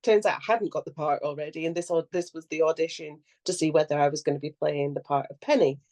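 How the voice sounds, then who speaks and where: Woman, young adult, somewhat low voice, casual podcast chat, animated storytelling, acts out quotes, laughs often. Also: quick pace. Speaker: actor and podcast co-host.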